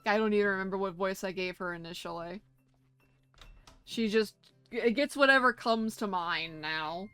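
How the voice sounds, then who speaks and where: A woman streams a game and jokes casually, swearing as she goes. Her voice is smooth and fairly high. The sound is dry and close, with faint music behind. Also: moderate pace, sharp tone, no room sound. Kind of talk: let's-play commentary.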